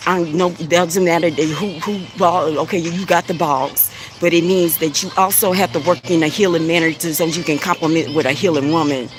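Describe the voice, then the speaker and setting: A woman with a deep, bassy voice gives a spiritual coaching monologue, preachy and repetitive, chuckling between phrases. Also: steady tone, normal speed, faint music behind. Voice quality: deep voice with bass. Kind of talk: spiritual motivational monologue to camera.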